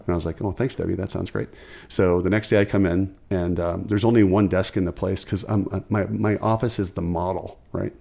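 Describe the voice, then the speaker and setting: Fast-talking, gravelly low-voiced man telling stories. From Ohio, USA. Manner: animated storyteller, quick and chatty, acts out quotes. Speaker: podcast guest, musician. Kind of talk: casual storytelling chat.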